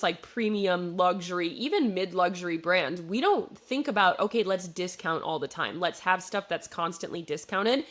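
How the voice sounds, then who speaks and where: A young woman from Wisconsin with a Midwestern accent, hosting a business podcast and explaining marketing in a relaxed, conversational way with plenty of fillers. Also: medium pitch. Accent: Midwestern American. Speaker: podcast host, marketing coach. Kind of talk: solo business podcast commentary.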